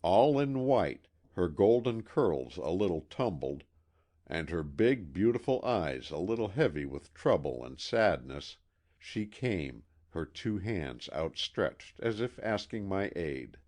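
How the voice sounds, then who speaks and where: A man reading a classic mystery novel aloud as an audiobook narrator, measured and expressive. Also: sits low. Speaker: audiobook reader.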